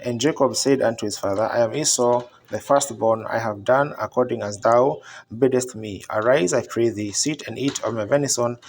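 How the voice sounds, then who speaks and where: A man giving a measured, solemn reading of scripture. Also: medium pitch. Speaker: Bible reader.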